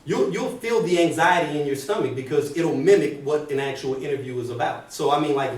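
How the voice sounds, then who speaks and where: A man teaching a class about job interviews, talking in an energetic classroom lecture style. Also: fairly high pitch, a little fast. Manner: energetic, demonstrates bad habits by mumbling. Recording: roomy, distant, faint hiss.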